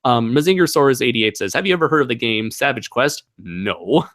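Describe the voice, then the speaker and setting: Bright-voiced young man hosting a livestream. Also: mid-range voice, big pitch swings, fairly quick. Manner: rambling, laughs often, many fillers. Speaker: channel host. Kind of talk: casual livestream Q&A chat.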